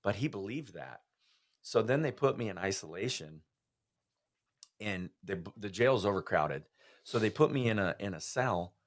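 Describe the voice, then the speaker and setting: A man, a podcast guest, giving an earnest, heartfelt personal testimony in an interview. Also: lowish voice.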